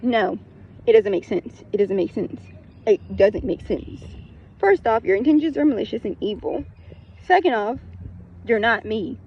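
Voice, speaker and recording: A woman's voice: fairly high pitch, normal speed, slightly rough, highs cut off. A woman in a casual spiritual talk, blunt and emphatic, who swears, repeats her points and keeps breaking into laughter. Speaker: spiritual content creator.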